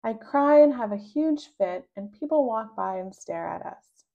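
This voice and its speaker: Slow, expressive woman reading to kids. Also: fairly high pitch, gravelly, highs cut off. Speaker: children's book reader. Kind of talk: read-aloud storybook narration.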